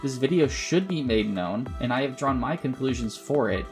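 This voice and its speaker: A man hosting a commentary video, reading his script somewhat haltingly in a measured, questioning tone. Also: medium pitch, expressive, soft background music. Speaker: YouTube commentary host.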